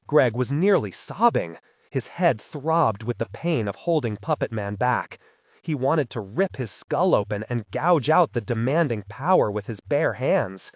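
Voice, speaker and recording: A man narrating a thriller audiobook with a dramatic, expressive delivery. His pitch moves a lot across each line, and the recording is dry and close with no room echo. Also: measured pace.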